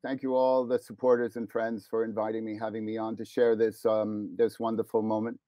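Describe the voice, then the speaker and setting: A man, the creator of a show, speaking as an interview guest in a gracious, thankful, unhurried way. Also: fairly low pitch, level tone, warm tone, no room sound. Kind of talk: casual chat.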